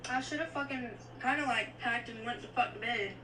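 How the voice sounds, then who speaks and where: A woman's voice: a little high, moderate pace, distant mic, noisy background. A young woman on a call, chatting bluntly with a lot of swearing as she retells old text messages. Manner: blunt and heavily profane. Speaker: caller on a livestream. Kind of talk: casual chat, retelling texts. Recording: echoey with loud music behind.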